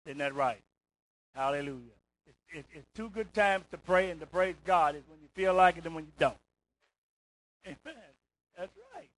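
Male preacher, call-and-response, high, dry and close, builds to shouts. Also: moderate pace, pauses often, no room sound, low-quality recording. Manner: rises to shouts on emphasis, repeats "isn't that right?". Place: church.

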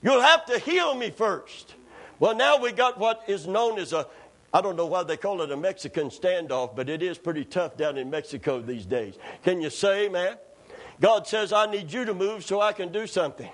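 A man preaching a sermon in a church, calling for amens and rising to shouts. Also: sits high, moderate pace. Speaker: pastor. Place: church sanctuary.

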